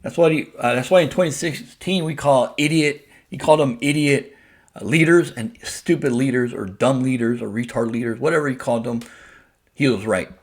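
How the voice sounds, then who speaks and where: Gravelly, profane man ranting. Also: mid-range voice, moderate pace. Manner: blunt, profane, heated; repetitive, emphatic. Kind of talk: casual rant to the camera.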